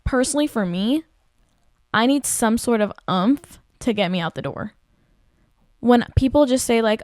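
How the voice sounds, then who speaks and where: A woman in her twenties hosting a podcast, telling a work story in casual chat, venting and animated with lots of "like". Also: on the high side, unhurried, no room sound, studio quality. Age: 20s. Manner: venting, animated, heavy use of "like". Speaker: podcast host.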